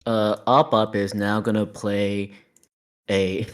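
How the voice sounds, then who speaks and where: A player in a tabletop game, describing their character's action with excitable, giggly reactions. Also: low-pitched, slow, clear, resonant tone.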